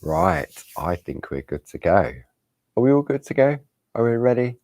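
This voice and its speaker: A man's voice: mid-range voice, very animated, moderate pace, creaky, darkish tone, no echo, studio quality. A middle-aged man leading a live crafting tutorial, chatty and reassuring, talking straight to his viewers. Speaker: crafting demonstrator.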